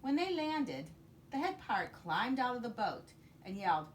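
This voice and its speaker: A woman teacher reading a children's picture book aloud in an expressive, sing-song way. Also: on the high side, moderate pace, slight background noise. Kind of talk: children's storybook read-aloud.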